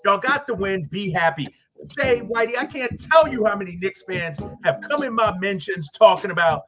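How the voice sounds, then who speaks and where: Man, sports radio host, fired-up rant, high lively voice, music bed behind. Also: moderate pace. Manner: fired-up, animated, talks straight at fans. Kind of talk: casual sports talk rant.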